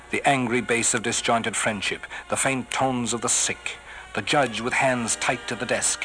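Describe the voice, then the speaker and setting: A man giving a theatrical poetry recitation, swelling on some phrases and dropping to a hushed whisper on refrains. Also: lowish voice, low-quality recording. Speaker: poetry reader.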